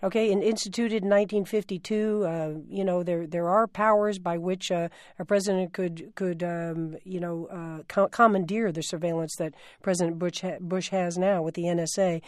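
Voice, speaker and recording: A woman's voice: fairly low pitch, fairly even intonation, moderate pace, few pauses, darkish tone, dry recording, studio quality. A woman hosting a radio interview, asking probing questions and often repeating words as she phrases them. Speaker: radio host. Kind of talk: broadcast interview.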